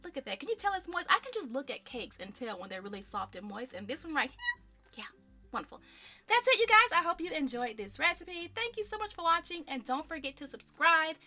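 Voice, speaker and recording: A woman's voice: high-pitched, sing-song, brisk, sharp tone, soft background music. A woman hosting a home cooking show, chatting casually to viewers as she bakes, with friendly asides about what she likes and dislikes. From American South. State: out of breath.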